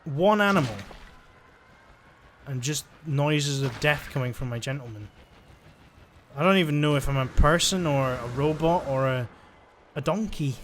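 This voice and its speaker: This let's-play gamer talks at a normal speed in a mid-range voice, with a bit of background noise. He keeps up casual, chatty commentary on his game, cracking jokes and thinking out loud.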